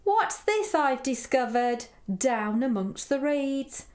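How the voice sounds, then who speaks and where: A woman putting on a small, curious boy explorer from a storybook, raised a little higher than her plain reading voice and full of lively, bouncing pitch. He sounds inquisitive and delighted, unhurried and drawn out. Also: full character voice.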